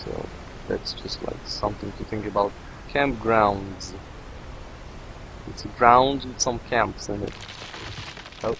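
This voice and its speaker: A man's voice: fairly low pitch, slow pace, gravelly, pauses often, noisy background. A man who is not a native English speaker, rambling and joking as he comments on his gameplay. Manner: rambling, jokey, talks to himself. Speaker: let's play commentator.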